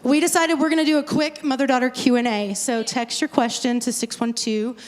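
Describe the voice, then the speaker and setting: A woman's voice: high-pitched, steady tone, a little fast. A woman pastor in her forties talking casually to a crowd, joking and rambling with asides. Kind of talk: casual talk to a conference crowd. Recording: long hall reverb.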